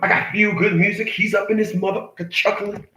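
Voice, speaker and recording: Crude joking man host, mid-high voice. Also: level tone, a little fast, sharp tone, slightly rough, low-quality recording. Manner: crude, joking, laughs a lot at his own jokes. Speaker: internet talk show host. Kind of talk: casual live-stream chat reading viewer comments.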